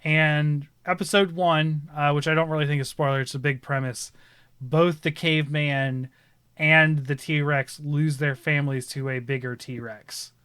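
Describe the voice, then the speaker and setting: A man in his thirties with a bright, forceful voice, talking casually on a live stream. He tells stories animatedly and breaks into laughter often. The sound is close and dry. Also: on the high side, steady tone, a little slow, clear, resonant tone, dry recording. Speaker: stream host. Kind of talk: casual chat.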